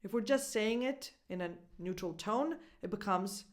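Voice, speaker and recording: A woman whose first language is Italian coaches English pronunciation at an unhurried pace. She speaks in a mid-range voice and models short phrases slowly and clearly for the listener to repeat. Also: mid-range voice. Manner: clear, deliberate demonstrations with repeat-after-me drills. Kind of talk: pronunciation lesson.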